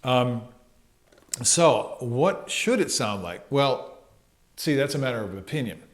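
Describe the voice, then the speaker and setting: A man's voice: medium pitch, lively intonation, takes it slowly. A man giving a casual trumpet lesson, thinking aloud with fillers and sometimes singing syllables to show phrasing. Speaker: trumpet teacher.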